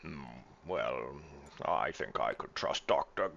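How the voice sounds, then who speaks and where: A man's voice: a bass voice, animated, slow, gravelly, fairly bright tone, lo-fi sound, slight background noise, heavily acted. A man voicing a drunken old spaceship captain who slurs and blusters theatrically. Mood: suspicious.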